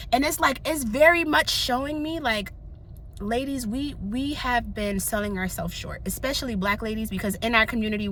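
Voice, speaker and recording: A young woman vlogging in candid casual chat, animated and slangy, often laughing. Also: high-pitched.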